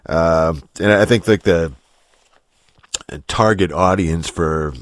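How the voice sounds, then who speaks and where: Deep-voiced man rambling with heavy profanity. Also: takes it slowly, no room sound, studio quality. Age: adult, getting older. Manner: profane, rambling, many restarts and fillers. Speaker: podcast host. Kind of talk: casual rambling podcast chat.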